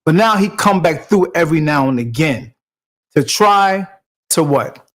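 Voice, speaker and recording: Slow, preachy male podcast host. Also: a little high, animated, a bit bright. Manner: preachy, repetitive, emphatic. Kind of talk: commentary on a video clip.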